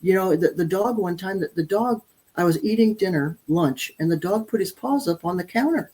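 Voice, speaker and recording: A woman's voice: fairly low pitch, lively intonation, moderate pace, mellow, slightly rough. A woman guest in a casual interview, blunt and emphatic, acting out her own inner voice as she talks about parenting.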